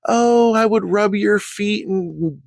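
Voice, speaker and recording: A man's voice: high voice, takes it slowly, gravelly, no echo, pitched above the performer's own voice, full character voice. A man voicing a young male gamer who tries to woo a woman in an oily, syrupy tone. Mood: smarmy. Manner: oily, syrupy, self-flattering.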